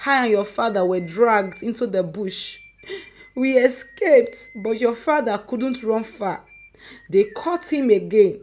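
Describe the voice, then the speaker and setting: A woman voicing a furious, grieving middle-aged mother who shouts and scolds with sharp exclamations. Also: mid-range voice, slight background noise. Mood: tearful, bitter.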